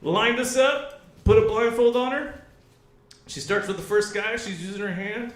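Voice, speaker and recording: Guy doing stand-up at a brewery, high lively voice, crude stories, echoey room. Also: normal speed. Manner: crude, animated storytelling with acted-out dialogue. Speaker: stand-up comedian. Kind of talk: stand-up comedy set. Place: brewery comedy stage with a live audience.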